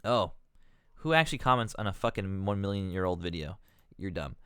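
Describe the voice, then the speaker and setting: A man's voice: low-pitched, animated, brisk, sharp tone, smooth, no room sound, clean studio sound. A man streaming live, swearing and ranting with exasperation, rambling and cutting himself off as he talks. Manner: rambling, self-interrupting.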